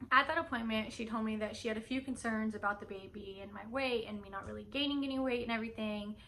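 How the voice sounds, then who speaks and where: A woman's voice: on the high side, quick pace, bright, forceful tone, a little hiss or hum. A young woman chatting casually in a home vlog at night, rambling with lots of fillers. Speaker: vlogger. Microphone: camera on a stand.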